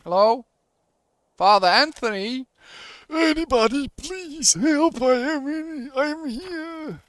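A man voicing a frightened old-west male pastor, speaking slowly in a high, pleading voice. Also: a bit bright, no echo, clean studio sound, heavily acted. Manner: slow, high, pleading delivery.

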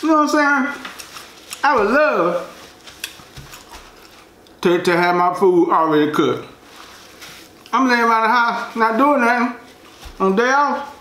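Man, relaxed slangy mukbang chatter, talks while chewing, roomy echoey room at home. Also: very high-pitched, a little slow, long pauses, a little hiss or hum. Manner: laid-back, chatty, slangy, talks between bites. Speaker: food vlogger. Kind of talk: casual mukbang chat while eating. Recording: roomy echo.

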